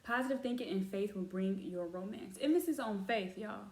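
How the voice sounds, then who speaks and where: A woman's voice: medium pitch, moderate pace, roomy sound. A woman giving a casual oracle card reading, talking chattily and calling her viewers y'all. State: has cramps. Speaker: tarot reader.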